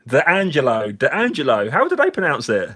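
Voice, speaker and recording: A man with a mid-range, fairly bright voice and lively intonation talks at a measured pace. Slightly drunk, he hosts a casual livestream chat while cleaning finds, joking, chatting and laughing often with viewers.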